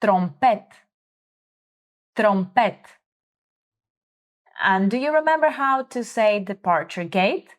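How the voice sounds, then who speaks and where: A woman's voice: mid-range voice, expressive, takes it slowly, long pauses. A woman hosting a vocabulary lesson, pronouncing words carefully so learners can repeat them. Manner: careful, clear enunciation for repetition. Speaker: language teacher host.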